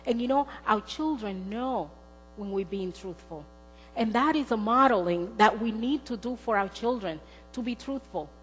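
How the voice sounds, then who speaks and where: A woman's voice: on the high side, animated, moderate pace, fairly bright tone. A middle-aged woman preaching a sermon, earnest and storytelling, acting out the voices in her stories. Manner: earnest, storytelling with acted quotes. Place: church sanctuary. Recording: long church hall reverb with mains hum and faint music.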